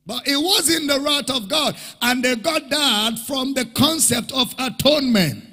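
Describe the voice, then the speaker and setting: A man's voice: very high-pitched, measured pace, sharp tone, breathy edge. A male pastor preaching a sermon emphatically, repeating key phrases and calling for responses from the congregation. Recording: long hall reverb.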